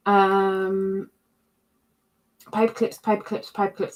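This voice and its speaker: Slow-talking woman livestream host. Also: medium pitch, fairly even intonation, fairly bright tone. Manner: chatty, rambling, frequent "um"s. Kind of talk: casual chat reading viewer comments.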